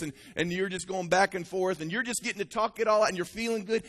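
A male pastor preaching an animated sermon, talking straight to his congregation. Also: high voice, fast, hardly any pauses, in a large hall.

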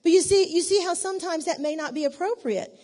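A woman giving a conversational church teaching in an animated way, acting out the dialogue in her stories. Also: extremely high pitch, quick pace. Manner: animated, acts out quoted dialogue. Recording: long reverb of a large hall.

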